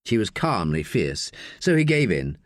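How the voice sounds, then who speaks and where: Expressive male audiobook narrator. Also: on the low side, a little slow, dry recording, clean studio sound.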